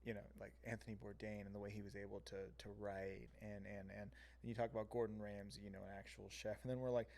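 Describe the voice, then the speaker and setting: A young man hosting a comedy podcast, chatting casually with animated, profane riffs. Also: on the low side, fast, gravelly, hardly any pauses, a little hiss or hum.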